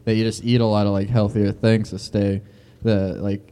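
A man's voice: fairly low pitch, level tone, normal speed, mellow, clear, resonant tone. Stammering man over-explaining his jokes. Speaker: comedian guest. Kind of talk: deliberately awkward stand-up bit.

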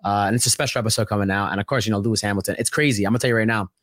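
Fast-talking young New man. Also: on the low side, no echo, clean studio sound. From Brooklyn, New York. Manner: rambling, animated, heavy on filler "like". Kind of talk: casual podcast chat.

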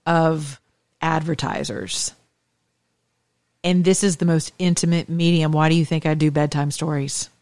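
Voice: mid-range voice, no room sound. A talk radio host delivering an emphatic, scornful opinion monologue on a close studio mic. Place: Atlanta area.

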